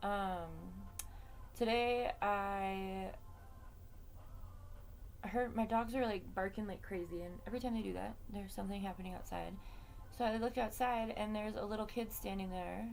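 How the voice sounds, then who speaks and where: A woman's voice: mid-range voice, fairly even intonation, normal speed, gravelly, a little mellow, a little hiss or hum. A woman hosting her own vlog, telling a personal story in a casual, rambling way with frequent swearing and fillers. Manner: chatty, swears freely, many fillers. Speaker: vlog host.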